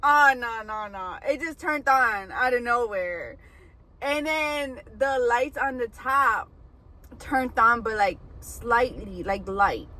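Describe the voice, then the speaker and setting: Woman, casual storytelling, animated, chatty, bright voice, slightly high. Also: slow, low-quality recording. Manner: animated, chatty, many fillers. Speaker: hairbraider and food vlogger. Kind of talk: casual storytelling while eating.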